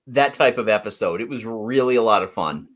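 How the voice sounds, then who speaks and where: Male podcast co-host, bouncy, expressive delivery, eager and a bit stumbly. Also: lowish voice, brisk. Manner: animated, enthusiastic, stumbles into restarts. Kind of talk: casual chat reviewing cartoons.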